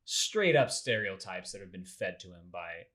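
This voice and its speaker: A young man hosting a casual podcast, retelling a story in a loose, animated way with lots of fillers. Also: moderate pace. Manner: animated, acts out quoted people with big pitch jumps. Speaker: podcast host.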